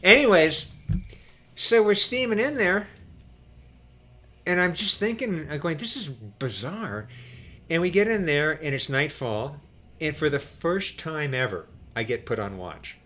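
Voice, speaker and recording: A middle-aged podcast guest with a bright, forceful voice pitched a touch high. He tells his story with excitable, profane energy. He acts out each quoted line and swings between near-whispers and outbursts. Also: measured pace. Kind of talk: animated storytelling.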